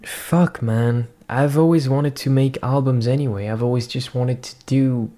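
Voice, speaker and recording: Young male vlogger, non-native English, flat monotone delivery, swearing, soul-searching rant. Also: mid-range voice, moderate pace. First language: not English. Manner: profane, ranting, introspective. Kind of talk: rambling personal monologue.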